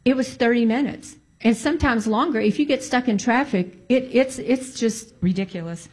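A woman's voice: fairly high pitch, moderate pace, a little mellow, breathy edge. Emphatic woman telling a story. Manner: emphatic, repeats phrases for emphasis. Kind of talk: casual storytelling.

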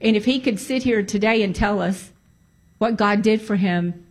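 A woman's voice: medium pitch, moderate pace. A woman giving a testimony to a congregation, emphatic and repeating phrases for stress. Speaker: church speaker giving testimony.

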